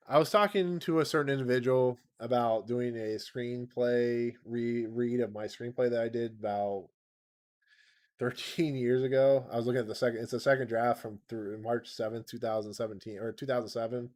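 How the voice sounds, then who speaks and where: A man in his thirties hosting a casual livestream, chatting in a rambling, self-deprecating way with frequent laughs and a slightly raspy voice. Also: on the low side. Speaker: channel host.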